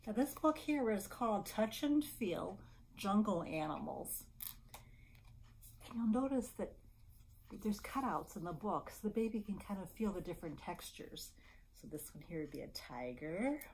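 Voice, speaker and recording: A woman leading a baby storytime, talking casually about board books and then reading and chanting rhymes in a gentle sing-song with soft whispers in between. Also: mid-range voice, lively intonation, slight background noise, poor audio. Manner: gentle, sing-song, slow and drawn-out for babies; casual with fillers and restarts. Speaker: children's librarian.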